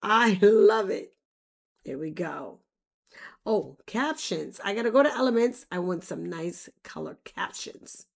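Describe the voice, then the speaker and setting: A woman demonstrating software in a casual tutorial, bubbly and quick to exclaim. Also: medium pitch, expressive, gravelly. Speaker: content creator demonstrating software. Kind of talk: casual screen-recorded tutorial.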